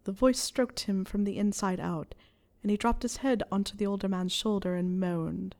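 A woman reading fan fiction aloud in a soft, steady storytelling voice. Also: medium pitch, unhurried, vocal fry. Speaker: reader.

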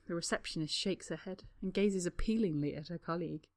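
A woman narrating a fan story as an audiobook. Her reading voice is soft and unhurried, sometimes dropping almost to a whisper. It sits slightly low.

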